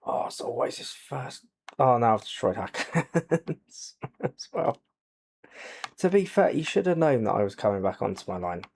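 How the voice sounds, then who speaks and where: A man giving soft-spoken ASMR commentary over a racing game, quiet and low-key, with dry jokes. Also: animated, moderate pace, gravelly, a little hiss or hum. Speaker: gaming channel host.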